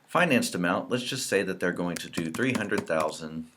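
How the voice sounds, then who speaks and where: Male trainer, deep voice, easygoing tutorial delivery at a desk mic. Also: normal speed, slight background noise. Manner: relaxed, explanatory, types out example entries as he talks. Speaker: real estate software trainer. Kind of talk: screen-recorded software tutorial.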